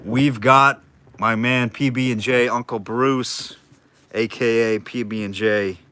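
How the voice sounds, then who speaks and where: Bright-voiced chatty male auctioneer. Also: medium pitch, fairly even intonation, slow, a little hiss or hum. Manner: chatty, jokey, reads out bids and names viewers. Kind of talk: live online auction calling.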